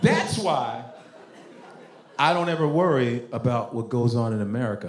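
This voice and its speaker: A male stand-up comedian telling a profane, animated routine. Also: mid-range voice, moderate pace. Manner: animated, profane, jumping into voices. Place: comedy club stage. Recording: roomy club with loud audience.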